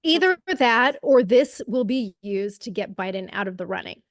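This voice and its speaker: A woman's voice: mid-range voice, lively intonation, normal speed, dry recording, clean studio sound. A woman co-hosting a political podcast, talking bluntly and indignantly with plenty of swearing. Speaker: podcast co-host. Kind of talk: casual political chat.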